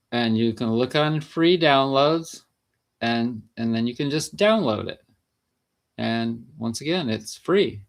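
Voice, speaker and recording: A man vlogging about natural health in a casual, rambling monologue, chatty and laughing between sentences. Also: mid-range voice.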